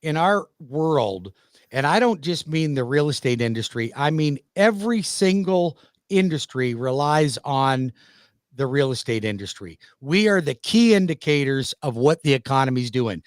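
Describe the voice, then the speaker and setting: A man's voice: fairly high pitch, animated, moderate pace, no room sound, clean studio sound. A man co-hosting a casual mortgage discussion, explaining points emphatically and with confidence.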